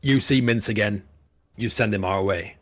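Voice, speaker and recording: A man's voice: on the low side, moderate pace, lightly acted. A man voicing a grumpy male city guard with a lisp in a tabletop game. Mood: gruff.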